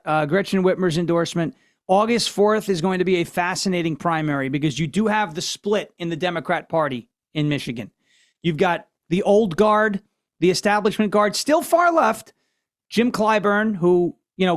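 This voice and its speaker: A man with a fairly high voice hosts a political commentary show. He talks in a brash, loose, mocking way. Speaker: host.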